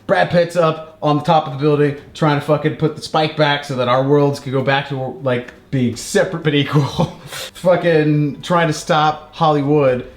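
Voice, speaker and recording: Guy rambling through a movie plot, swears a lot, says like constantly, kinda high voice, echoey room. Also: steady tone, normal speed. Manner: rambling, profane, heavy on filler "like", acts out characters in silly voices. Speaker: podcast co-host retelling a movie plot. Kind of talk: casual comedic chat.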